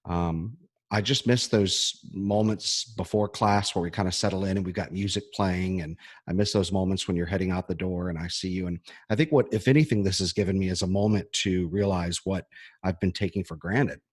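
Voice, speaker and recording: A man, a history teacher, talking earnestly and emotionally to his students, pausing often with fillers. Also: low-pitched, breathy edge, dry recording, studio quality. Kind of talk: heartfelt scripted-free address to students.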